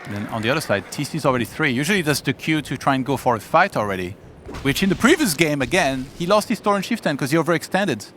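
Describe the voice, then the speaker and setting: A man doing live commentary on a strategy game match, getting excited on big plays. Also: on the high side, fast, hardly any pauses, a little hiss or hum. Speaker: esports commentator. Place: event studio.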